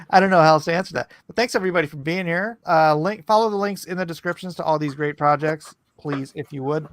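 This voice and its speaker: A man's voice: fairly high pitch, creaky, fairly bright tone, dry recording. A man hosting a livestream in casual chat, talking in a rambling, loose way with frequent restarts. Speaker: livestream host and comic artist.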